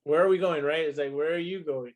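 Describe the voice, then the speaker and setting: A man's voice: a little high, fast. A man in his twenties in casual podcast chat, telling stories emphatically and swearing freely. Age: 20s. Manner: profane, emphatic storytelling.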